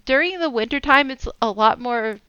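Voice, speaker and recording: High, excitable woman. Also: moderate pace, clean tone, dry recording, lo-fi sound. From United States. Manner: excitable, laughing. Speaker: podcast guest. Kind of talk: casual chat.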